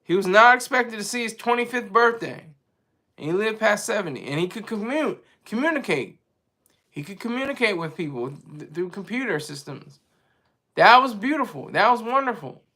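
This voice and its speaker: A man's voice: high voice, lively intonation, moderate pace, pushed and bright. A man hosting a live stream in a casual, rambling monologue, giving strong opinions and often stopping to search for words as he answers his chat.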